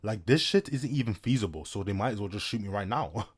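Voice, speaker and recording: A man's voice: on the low side, expressive, fast, a little hiss or hum. Slangy, hyped young man recapping anime. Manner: slangy, hyped, joking asides. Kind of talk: comedic anime recap commentary.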